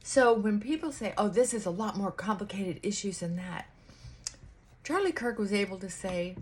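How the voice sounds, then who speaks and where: A woman chatting casually to camera while getting ready, musing aloud with pauses and restarts. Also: medium pitch, slight background noise. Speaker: vlogger. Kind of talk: casual get-ready-with-me chat.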